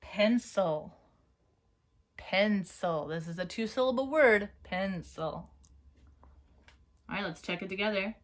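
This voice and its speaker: A woman teacher leads an online phonics and dictation lesson at a notably slow, unhurried pace. Her pitch sits in an ordinary middle range. She stretches out each word and checks in with "right?" and "okay?". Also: expressive.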